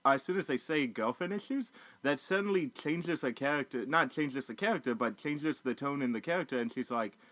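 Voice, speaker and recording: A man in a casual movie review chat, talking at a middle pitch. He is animated and swears freely, and he drops into quick impressions of the characters. His voice sits close and dry on the mic, with no room around it. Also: no room sound. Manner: animated, profane, mimics characters in quick asides.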